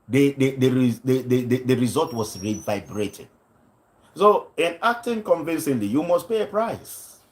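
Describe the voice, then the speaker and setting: A man coaching acting on a livestream, stressing his points, repeating lines and often asking "you understand?". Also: fairly high pitch. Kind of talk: livestream teaching talk.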